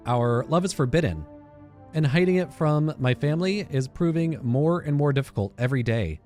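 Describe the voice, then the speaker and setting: A gaming channel host plays through a game and reads its in-game letters aloud in an animated, darkish voice at a moderate pace, with faint music in the background. He fills his reading with fillers, restarts and self-corrections, and sometimes drops into a low aside.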